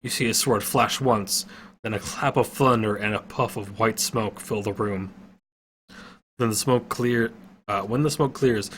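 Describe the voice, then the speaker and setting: A man reading an adventure story aloud, steady with occasional slips and self-corrections. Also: lowish voice, slight background noise.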